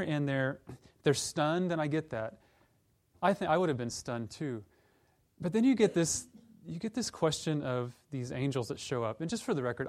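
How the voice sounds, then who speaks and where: A pastor with a slightly high, darkish voice preaches a conversational Advent-season sermon. He acts out quoted lines from the scripture story, voicing the disciples and angels.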